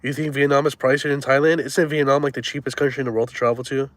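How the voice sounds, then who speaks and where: A man's voice: mid-range voice, level tone, fast talker, dry recording. Slangy young guy streaming. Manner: loose, crude slang-heavy banter. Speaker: live streamer. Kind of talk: casual chat.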